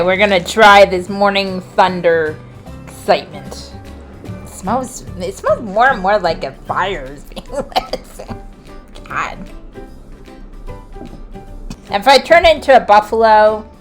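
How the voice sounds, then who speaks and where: A woman vlogger talking casually to camera, chatty and playful, laughing often and drifting into soft asides. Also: medium pitch, lively intonation, takes it slowly, pauses often, soft background music.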